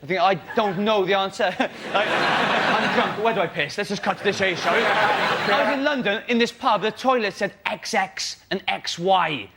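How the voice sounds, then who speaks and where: A man's voice: sits high, normal speed. Man with rambling hesitant stand-up. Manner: rambling, self-deprecating, hesitant. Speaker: comedian panelist. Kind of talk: stand-up routine. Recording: noisy studio.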